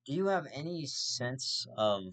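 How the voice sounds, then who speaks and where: A man hosting his own vlog, ranting with constant swearing and sudden outraged jumps in pitch. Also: sing-song, a little slow, a bit bright. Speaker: host. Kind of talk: profane vlog rant.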